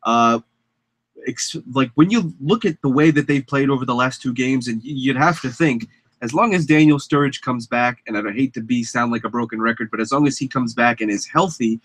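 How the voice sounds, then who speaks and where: A young man co-hosting a casual sports radio chat, measured and analytical, often dropping his voice. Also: mid-range voice, dry recording. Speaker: co-host. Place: radio studio.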